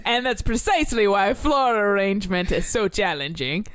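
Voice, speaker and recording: A woman's voice: mid-range voice, expressive, normal speed, no echo. A woman co-hosting a game playthrough, chatting casually, laughing often and swearing freely. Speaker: let's-play co-host. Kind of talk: casual gameplay chat.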